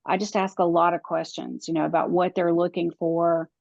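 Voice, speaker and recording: A woman's voice: lowish voice, flat delivery, normal speed, creaky, darkish tone, no room sound. A woman working as a relocation guide, talking casually in an interview, chatty with frequent restarts and laughter. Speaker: real estate relocation guide. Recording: dry, dull lo-fi audio.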